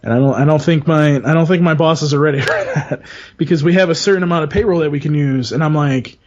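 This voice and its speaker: A man's voice: on the high side, quick pace. A man co-hosting a podcast, telling stories in a loose, laughing, swearing way. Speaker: podcast co-host. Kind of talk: casual chat. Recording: dull lo-fi sound.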